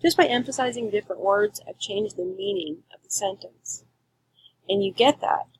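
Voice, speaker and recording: A woman teaching a class, giving clear, emphatic instructions in a recorded lecture. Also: fairly high pitch, expressive, moderate pace, slight background noise, poor audio.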